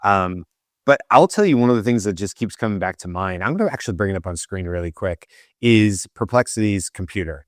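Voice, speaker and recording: Low-voiced man rambling about tech. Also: dry recording, clean studio sound. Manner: rambling, self-correcting, wry. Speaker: co-host. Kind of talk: casual tech discussion.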